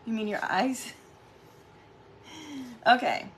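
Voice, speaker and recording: A woman's voice: fairly high pitch, lively intonation, takes it slowly, a bit bright, a little hiss or hum. A middle-aged woman hosting a casual live craft stream at home, chatting with viewers and greeting them by name.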